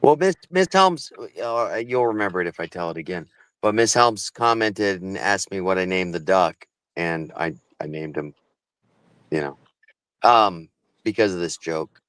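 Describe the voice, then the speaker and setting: A man's voice: deep voice, animated, a little slow, a bit bright, smooth, no room sound, poor audio. A man on a live stream chat telling a joke, laughing often and restarting his sentences. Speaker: co-host. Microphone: live stream call.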